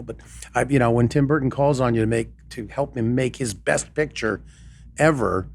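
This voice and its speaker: A man in his later years, a guest on a casual podcast, talks at a middle pitch with wry, self-mocking jokes. His delivery is relaxed and chatty, and a faint ambient hiss sits under his voice. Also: a little fast, gravelly. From Canada. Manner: self-deprecating, wry asides. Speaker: guest voice actor.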